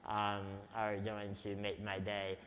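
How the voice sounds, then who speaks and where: A man giving a talk at a conference, telling stories in a slow, deliberate, wry way. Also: lowish voice, monotone, fairly bright tone. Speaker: conference speaker. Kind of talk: storytelling talk to a live audience. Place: large conference hall. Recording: reverberant conference hall.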